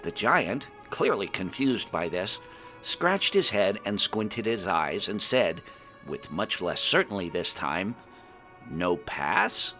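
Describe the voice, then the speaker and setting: A male storyteller reads a first-person fantasy adventure aloud. His voice is very low yet bright and clear, and his pitch moves animatedly through the telling. Soft music plays faintly behind him. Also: sing-song, slow pace.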